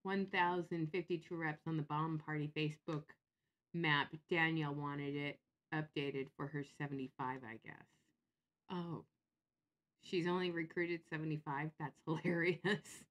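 A woman chatting on a casual livestream, sarcastic and quick to laugh as she reacts to viewers. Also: deep voice.

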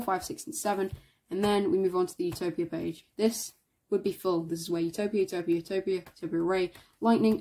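A woman giving casual showcase commentary as a collector, reading out items one by one in a relaxed, offhand way. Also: medium pitch. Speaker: card collector showing a binder.

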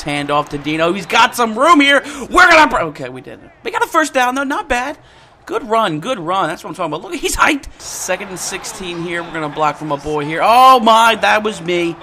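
A young man commentating his own football video game play, getting hyped and shouting at big plays. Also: fairly high pitch. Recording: music playing behind the voice.

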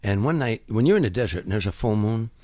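An older man, a comedian guest, telling animated anecdotes and acting out other people's voices and sound effects. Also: lowish voice, fast, dry recording.

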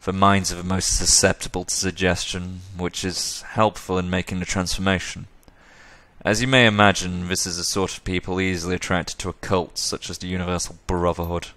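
A man's voice: low voice, level tone, brisk, fairly bright tone, dry recording. A man voicing a flippant, condescending male elf who lectures at length with sarcasm. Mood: lecturing.

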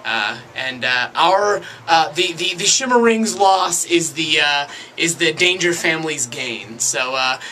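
Man in his late twenties, wrestler, halting tribute, lots of fillers and restarts, slightly high voice, noisy recording. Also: lively intonation, sharp tone.

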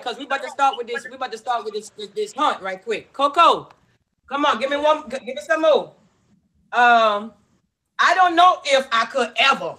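A woman hosting a group guessing game, loud and playful, hurrying the players along and telling them not to cheat. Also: sits high. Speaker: game host.

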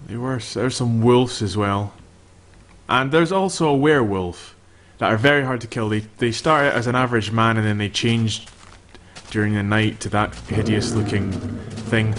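A young man giving casual, chatty commentary over a game, swearing freely and talking to the creatures on screen. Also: mid-range voice. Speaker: gameplay commentator.

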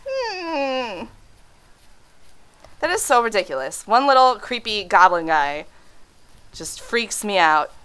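Young woman, horror game commentary, shrieks and swears, bright tone, lively pitch. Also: takes it slowly, pauses often, clean tone. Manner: jumpy, shrieks at scares then laughs it off, swears. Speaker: let's play gamer. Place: home room.

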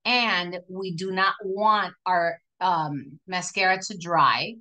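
Bright-voiced woman demonstrating makeup. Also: lowish voice, slow pace, rough recording. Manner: chatty, encouraging, talks viewers through each step. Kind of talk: live makeup tutorial.

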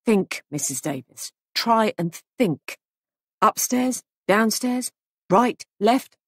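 In an audiobook, a woman voices a stern male police sergeant, pressing with firm, clipped, probing questions. She pitches her voice above her natural range, fairly high, expressive and exaggerated, taking it slowly. The studio sound is clean, with no room sound.

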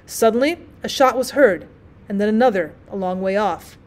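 A woman teacher reading a classic short story aloud in an expressive, steady storytelling manner. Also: medium pitch, moderate pace.

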